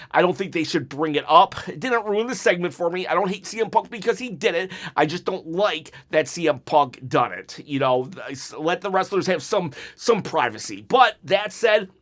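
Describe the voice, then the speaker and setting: A man with a fairly high voice talks through what happened on the show in a loose, rambling way. He restarts often and jumps up in pitch whenever he acts out what someone said. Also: fairly bright tone. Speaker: wrestling commentary channel host. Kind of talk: casual recap and opinion.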